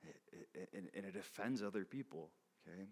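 A man's voice: deep voice, lively intonation, fairly quick, husky. A man preaching a sermon in a casual, conversational way. He often checks in with "okay?", laughs between points and repeats words as he restarts. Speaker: pastor.

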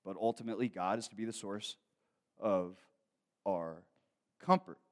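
Man preaching with loud swells. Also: on the low side, moderate pace. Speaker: pastor. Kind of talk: sermon.

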